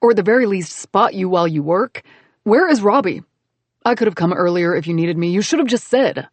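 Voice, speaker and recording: A woman narrating an audiobook, voicing a grouchy, growly young man who is protective and gruff. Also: mid-range voice, expressive, a little fast, no echo, natural voice. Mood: scolding. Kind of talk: audiobook character voice.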